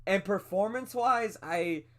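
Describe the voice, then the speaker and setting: A man's voice: high voice, unhurried, fairly bright tone. A man co-hosting a movie podcast, talking in a rambling casual way with frequent laughs and fillers. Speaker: podcast co-host. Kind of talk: casual movie review chat.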